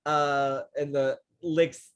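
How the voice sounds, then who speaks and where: A man hosting a casual film chat, animated, acting out characters' lines and laughing often. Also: on the high side, very slow, smooth, dull audio. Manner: frequent fillers and restarts, laughs often. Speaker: podcast host.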